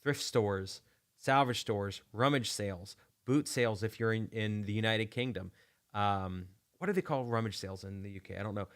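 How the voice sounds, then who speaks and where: A man's voice: on the low side, moderate pace, a bit bright. Rambling, enthusiastic man. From United States. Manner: rambling, enthusiastic, many restarts. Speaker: channel host. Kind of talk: casual livestream chat.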